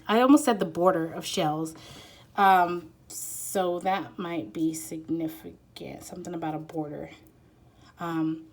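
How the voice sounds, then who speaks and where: A woman giving a spontaneous, intuitive card reading, excitable and rambling, often breaking off mid-sentence and apologizing. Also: fairly low pitch, rough recording. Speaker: tarot card reader.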